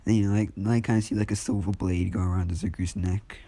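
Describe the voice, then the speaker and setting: A man's voice: sits low, steady tone, fast, gravelly, hardly any pauses, mellow. A man telling a fan story in a casual, rambling way, packed with fillers. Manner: rambling, heavy use of fillers.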